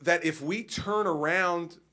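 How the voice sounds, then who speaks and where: A man's voice: a little high, slow pace. A man serving as governor who answers a conference question by telling stories and acting out his exchanges with people. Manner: animated storytelling, acts out exchanges. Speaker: state governor.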